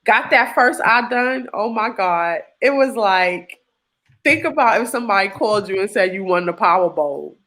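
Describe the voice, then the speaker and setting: A woman giving an emotional personal testimony, animated and acting out what others said to her. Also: mid-range voice, normal speed. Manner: animated storyteller acting out quoted dialogue. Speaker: testimony guest.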